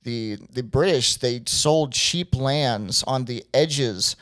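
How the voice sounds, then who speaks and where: A man's voice: mid-range voice, takes it slowly, a bit bright. Rambling, profane male podcast host. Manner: rambling, profane, lots of fillers. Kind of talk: casual chat.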